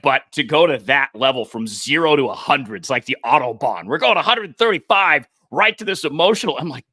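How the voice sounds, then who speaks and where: A man's voice: medium pitch, lively intonation, a little fast, hardly any pauses, pushed and bright, dry recording, studio quality. A man in his forties co-hosting a casual show, telling a story and acting out the quotes, laughing easily. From Arizona. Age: 40s. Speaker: podcast co-host.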